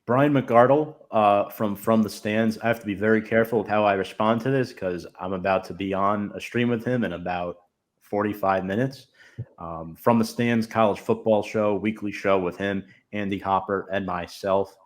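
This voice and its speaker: A man's voice: on the low side, fairly even intonation, normal speed. A man hosting a casual podcast, reading out viewer comments and giving firm opinions. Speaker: podcast host.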